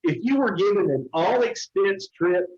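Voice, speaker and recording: A man with an Oklahoma accent interviewing a coworker with quick-fire questions, joking and laughing often. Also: high voice, animated, darkish tone. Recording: roomy, dull lo-fi sound.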